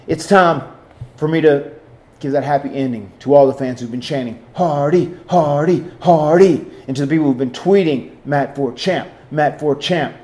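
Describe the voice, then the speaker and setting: Man, 40s, from North Carolina, wrestler hosting his own show, energetic promo style, casual storytelling. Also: mid-range voice, moderate pace. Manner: energetic, hype-building promo delivery with frequent restarts.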